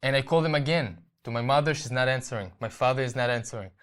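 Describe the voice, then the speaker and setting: A man's voice: medium pitch, fairly bright tone, clean tone. Earnest Israeli man telling his story. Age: young adult. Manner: earnest, halting, with frequent restarts and repeated words. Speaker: interview guest. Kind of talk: personal testimony in an interview.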